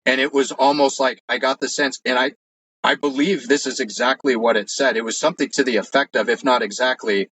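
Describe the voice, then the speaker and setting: A man speaks as an interview guest, telling his own story in an earnest, rambling way full of "like" and restarts. His voice is medium-pitched, fairly even in intonation and normal in speed, with a pushed, bright quality. The recording is low-quality, and the talk is casual storytelling about his personal experiences.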